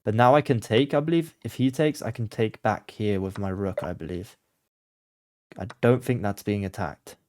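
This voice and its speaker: A man's voice: fairly low pitch, moderate pace, dry recording. Man muttering chess moves, dry sound. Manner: mutters moves to himself, swings between quiet focus and flustered panic. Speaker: chess content creator. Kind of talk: thinking aloud while playing blindfold chess.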